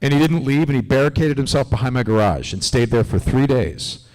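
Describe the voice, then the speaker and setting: A man's voice: medium pitch, fairly quick. Man telling rambling stories in a hall. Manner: animated, rambling anecdotes with restarts. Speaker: convention panel guest. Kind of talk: casual storytelling on a live panel. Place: convention panel hall. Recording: long hall reverb.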